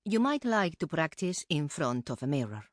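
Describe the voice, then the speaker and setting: A woman co-presenting a pronunciation course with calm, careful explanation, recorded close on a studio mic. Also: deep voice, moderate pace, no echo. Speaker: Spanish co-presenter. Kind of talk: scripted instructional narration.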